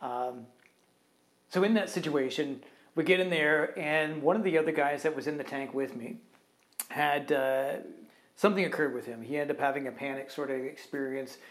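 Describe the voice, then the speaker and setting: Man, fairly high voice, casual storytelling, rambling, animated. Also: normal speed. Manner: animated, acts out other people's quotes; rambling with fillers like "right?" and "kind of thing". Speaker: podcast co-host.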